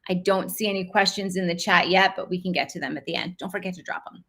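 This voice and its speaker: A middle-aged woman teaching a live online class as an on-camera coach, with clear, emphatic delivery that stresses key words. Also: on the low side, fairly even intonation, fast talker, a bit bright.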